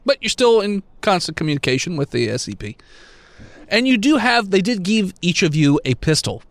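A man narrating a tabletop game as its game master, his voice a touch high and swinging up and down as he goes. He is blunt and joking and keeps breaking into laughs. The sound is dry and close. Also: sing-song, normal speed, no room sound.

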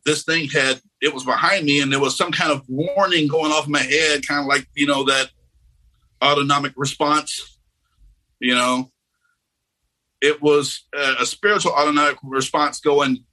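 A man telling a personal near-death story in a casual, animated way, acting out the voices of people in it. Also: fairly high pitch, poor audio. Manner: animated, acts out quoted voices.

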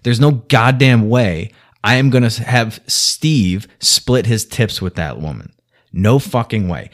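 Angry man on a profane rant. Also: on the low side. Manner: angry, heavy swearing, sarcastic.

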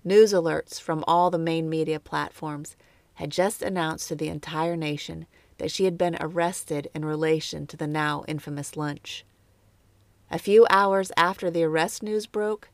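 A woman narrates a true crime case at a steady, measured pace. Her voice sits low and has a gravelly fry. The sound is dry and close, with no room around it. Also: no room sound. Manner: measured, lightly commenting asides.

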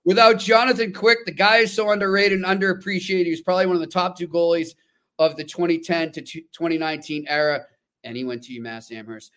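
A man co-hosting a casual sports podcast, his voice sitting a little high for a man. He tells stories with animated emphasis, leaning hard on key words. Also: fast. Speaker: podcast co-host.

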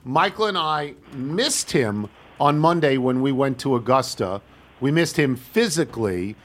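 A man's voice: mid-range voice, animated, a little slow. A man hosting a radio talk show, introducing a guest and leading the chat in a conversational way. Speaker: radio host.

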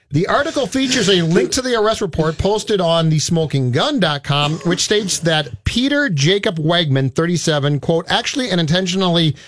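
A man with a high, very lively voice reads a strange crime story on a comedy talk show and keeps breaking into amused laughter. The recording is dry and close. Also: dry recording. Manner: amused, laughs at his own stories. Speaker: radio show co-host. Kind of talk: casual comedic banter and news reading.

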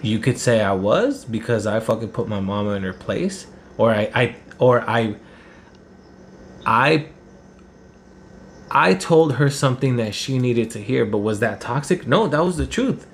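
Gravelly guy telling stories. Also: medium pitch, a little slow, pauses often. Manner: profane, rambling, heated. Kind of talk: casual storytelling.

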